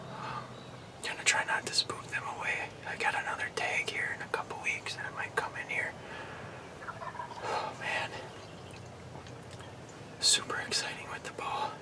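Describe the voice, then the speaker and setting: A man hosting a hunting show, whispering excited commentary from his blind outdoors. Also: recorded from a distance.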